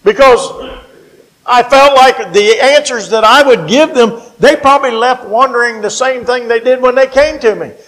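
A man with a West Virginian accent delivers a sermon in a strikingly high voice. His delivery is folksy and emphatic, and he slows down to lean on the key phrases. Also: a bit bright, poor audio. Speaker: preacher.

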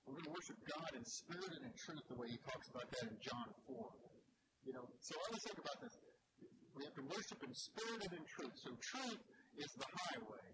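Folksy preacher man over loud noise. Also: fairly high pitch. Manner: folksy, conversational, homely everyday examples. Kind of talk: sermon.

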